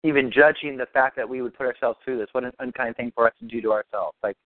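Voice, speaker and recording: A man's voice: mid-range voice, steady tone, fast talker, no echo. A man leading a practitioner call, talking in a meandering, reassuring way and often repeating himself. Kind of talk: casual coaching talk. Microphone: phone or call line. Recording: phone-like dry line.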